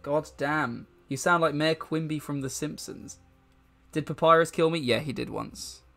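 A man's voice: fairly high pitch, steady tone, normal speed, vocal fry, a bit bright, soft background music. A man streaming a first-time video game playthrough, joking and swearing as he goes. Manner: profane and joking, laughs often. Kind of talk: live let's-play commentary.

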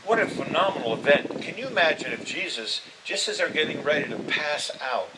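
Older pastor preaching, heard from afar. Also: male voice, a little high, fairly quick. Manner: earnest, building to emphatic appeals. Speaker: interim pastor. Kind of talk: sermon. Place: church sanctuary. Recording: distant mic with steady background noise.

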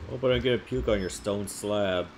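A man's voice: lowish voice, normal speed, noisy background. A man commenting casually on a game he is playing, tossing in joking asides and chuckling. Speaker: let's play host. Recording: game music under voice.

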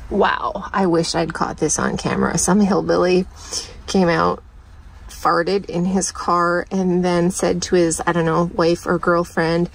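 A woman vlogging casually from inside a parked car, chatting to viewers and cooing at her dog in a high sing-song voice. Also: level tone, a little slow, gravelly, poor audio. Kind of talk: casual chat.

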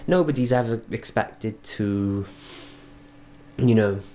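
Welsh man, video diary, earnest and reflective, lowish voice, faint background hum. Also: mellow. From Wales. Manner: earnest, reflective, halting with restarts. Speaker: vlogger.

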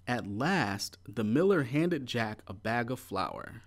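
Slow, expressive male storybook reader. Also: mid-range voice. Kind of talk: reading a picture book aloud.

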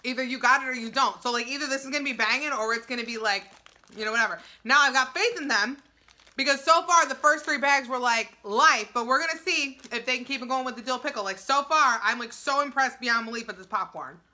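Vlogger type: young woman, bright and gushing, a little high, snack bags crinkling. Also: fast talker. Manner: gushing, excitable, filler-heavy. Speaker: YouTuber. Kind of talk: casual food-tasting vlog.

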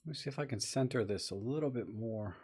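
A man talking his way through a live photo-editing stream in a loose, chatty manner. His voice sits at an everyday middle pitch as he thinks aloud and says hello to viewers between edits. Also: fast, a little mellow, husky. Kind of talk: casual live-stream commentary.

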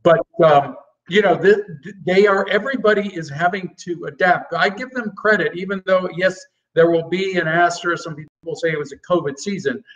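Halting guest analyst on a distant dull line. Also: male voice, sits high, a bit bright. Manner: rambling, halting, many restarts. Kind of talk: sports talk debate. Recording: distant dull remote audio.

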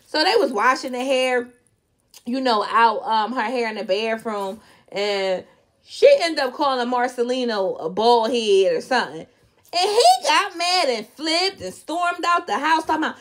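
A woman's voice: high voice, expressive, moderate pace, fairly bright tone. A woman giving a chatty, blunt recap of a reality show, breaking into incredulous outbursts. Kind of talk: casual recap commentary.

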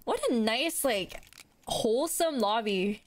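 A young woman streams a game and chats along, giggling and teasing in a sarcastic way. Her voice sits a little high and swings widely in pitch. She fills her talk with "like". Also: lively intonation, takes it slowly. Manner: giggly, sarcastic, heavy use of "like". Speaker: streamer, gaming duo. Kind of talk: casual gaming-stream chat.

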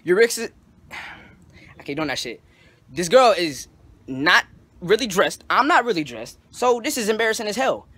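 Young man with a high, bright voice. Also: measured pace, long pauses, no echo. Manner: animated, profane, slangy retelling. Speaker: storytelling vlogger. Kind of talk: casual storytime.

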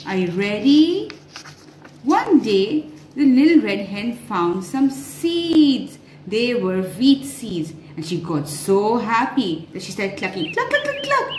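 Slow, animated woman telling children a story. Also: mid-range voice. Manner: animated, gasping, sing-song exclamations. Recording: echoey room, faint background noise.

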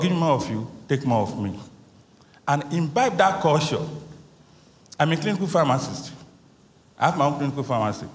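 A man giving an earnest testimony before a church congregation, telling his story in an animated way. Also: mid-range voice. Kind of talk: spoken testimony. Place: large church hall. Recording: echoey church hall.

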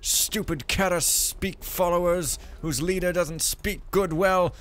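A man voicing a haughty male religious zealot who shouts stiff, indignant insults across a street. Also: sits high, slow, pitched above the performer's own voice.

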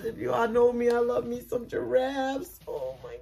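A woman vlogging as she unboxes craft mail, gushing and exclaiming, repeating herself, and swinging from soft murmurs to loud squeals. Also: fairly high pitch, wildly swooping pitch, normal speed, creaky, hardly any pauses, noisy background. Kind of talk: casual unboxing chat to camera.

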